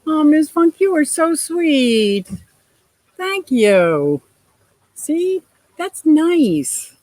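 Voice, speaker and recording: A woman's voice: on the low side, no echo, natural voice, rough recording. A woman doing an impression of a chatty male fishkeeping friend as she hosts a casual live stream by her fish tank, cheerful and gushing. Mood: upbeat. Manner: cheerful, gushing, quick to laugh.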